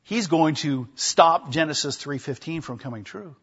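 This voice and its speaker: A man's voice: a little high, lively intonation, normal speed, a bit bright, husky, dull audio. A man preaching an expository sermon, emphatic, acting out the quoted speech of people in the story. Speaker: pastor.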